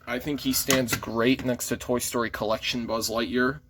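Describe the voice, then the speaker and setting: A man's voice: medium pitch, level tone, moderate pace, background noise. A man casually reviewing a toy figure in an easygoing, mild way, shrugging off small flaws. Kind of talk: casual chat.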